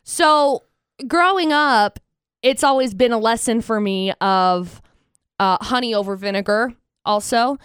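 Woman radio co-host, smooth higher voice, dry studio sound, casual self-deprecating chat. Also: measured pace, fairly bright tone, no room sound. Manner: chatty, self-deprecating storyteller. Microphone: studio microphone.

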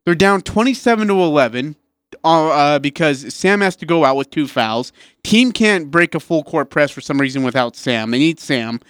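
A man co-hosting a sports radio show, talking excitedly in casual chat with many restarts and asides. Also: fairly high pitch, normal speed, clear, resonant tone, no room sound.

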